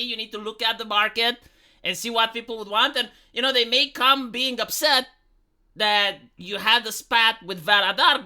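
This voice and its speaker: This YouTube commentary host has a high, bright, pushed voice. He rambles sarcastically through a casual reaction video, swearing freely and often restarting his sentences.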